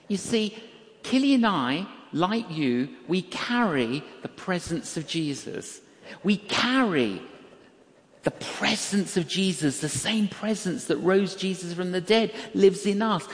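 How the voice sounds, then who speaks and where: An older preacher telling a story in a sermon, acting out the dialogue with animation. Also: medium pitch. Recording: long hall reverb.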